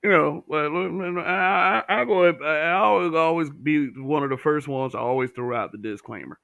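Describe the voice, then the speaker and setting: A man's voice: a little high, moderate pace, vocal fry, bright, forceful tone, dry recording. A man hosting a livestream, talking bluntly with profanity and reading viewer comments. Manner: blunt, profane, talks back to chat.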